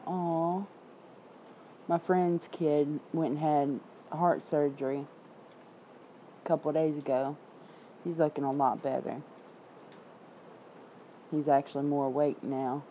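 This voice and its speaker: A woman's voice: sits low, fairly even intonation, warm tone, a little hiss or hum, rough recording. A woman from Memphis with a Southern accent, chatting casually and bluntly with viewers while she reads out headlines and comments, swearing freely. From Memphis, Tennessee. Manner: blunt, profane, reads comments and headlines aloud with quick asides. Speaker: independent writer streaming to viewers. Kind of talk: casual livestream chat.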